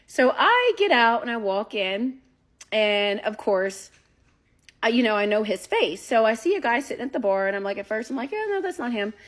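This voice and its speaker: A woman telling a story in a casual, animated way, talking straight to her listeners and swearing freely. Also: a little high, moderate pace. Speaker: storyteller recounting a date.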